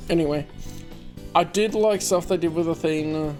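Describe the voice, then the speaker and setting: A man's voice: on the high side, normal speed, darkish tone, faint music behind. A man hosting a game playthrough, chatting casually and rambling as he trails off and restarts. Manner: rambling, self-interrupting. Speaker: let's play host.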